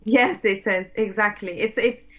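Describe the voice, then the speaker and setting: A woman speaks as an interview guest, chatting casually at a middle pitch. She pauses often, restarts her sentences and laughs softly as she gathers her thoughts. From lives in London. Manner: hesitant, many ums and restarts, laughing softly. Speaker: guest, English teacher.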